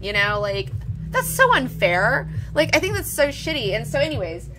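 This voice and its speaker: A young woman from Alabama, hosting a casual live stream, animated and profane, jumping from loud excitement to mumbled asides. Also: sits high, normal speed, music in the background, low-quality recording. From Alabama, United States. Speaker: host.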